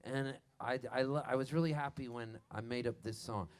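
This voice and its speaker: Speaking in a steady, mid-range voice at a moderate pace, a Canadian singer-songwriter entertains an outdoor festival crowd with banter and a rambling joke, laughing along at his own punchlines. A band plays softly behind him, and his stage vocal mic on the soundboard picks up a little hiss or hum.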